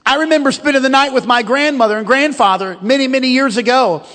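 Middle-aged male preacher, high-pitched, folksy and joking, reverberant sanctuary sound. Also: fast talker, sharp tone. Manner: storytelling, joking, calls out to the congregation. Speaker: pastor. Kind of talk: sermon. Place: church sanctuary.

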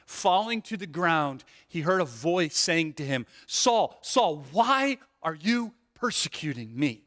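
A male pastor preaches animatedly, posing rhetorical questions, tossing in frequent "right?" asides, and restarting and repeating words as he builds a point. His voice is a little high, and a long hall reverb hangs on the recording.

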